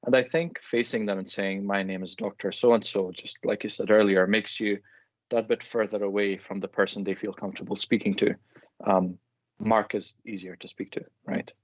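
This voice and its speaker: A man, a university lecturer, talking in a friendly, relaxed, self-deprecating way as a guest in a live discussion. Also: lowish voice, moderate pace, no echo, muffled recording.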